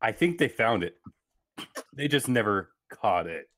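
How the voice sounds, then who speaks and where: Slow swooping young man player. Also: fairly low pitch, very animated, a bit bright, dry recording. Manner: joking, laughs a lot. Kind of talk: casual tabletop role-play.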